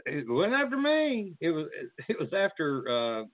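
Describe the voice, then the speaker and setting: A man's voice: fairly high pitch, huge pitch swings, a little slow, no echo. A man hosting a casual chat, telling rambling stories and swearing freely. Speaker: host. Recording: phone-like line.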